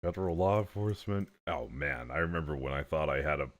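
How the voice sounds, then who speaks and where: A man's voice: extremely low pitch, animated, fast talker. A man hosting a livestream, talking in a rambling, casual way, swearing often and laughing between remarks. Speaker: livestream host. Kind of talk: casual commentary while reacting to clips.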